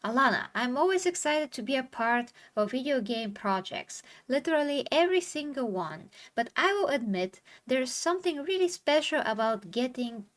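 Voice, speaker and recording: A woman's voice: high-pitched, very animated, normal speed, few pauses. A woman hosting a gaming news stream, chatting casually and reading an interview aloud, stumbling now and then over hard names. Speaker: stream host.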